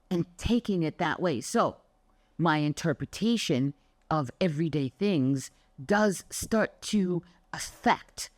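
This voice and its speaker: A woman's voice: deep voice, dry recording. Chatty older woman, dry close sound. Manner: chatty, animated storyteller with mild swearing. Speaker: Pilates instructor. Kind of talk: casual motivational talk to camera.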